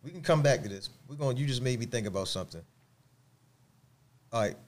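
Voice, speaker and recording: A man's voice: medium pitch, expressive, fast talker. A man hosting a podcast in casual chat, who cuts in to steer the story back. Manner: steers the conversation, interjecting to back up. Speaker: podcast host.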